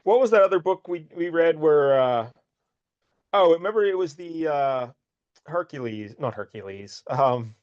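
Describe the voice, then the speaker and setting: A man's voice: fairly high pitch, animated, measured pace, a little mellow, highs cut off. A man co-hosting a podcast, casually retelling a comic book issue in an amused, rambling way with lots of filler words. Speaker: podcast co-host.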